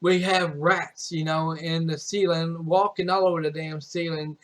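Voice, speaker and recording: A young man with a high voice tells a personal story on his stream. He rambles, restarts his sentences and swears freely as he goes. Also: little pitch movement, normal speed, fairly bright tone. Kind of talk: casual storytelling.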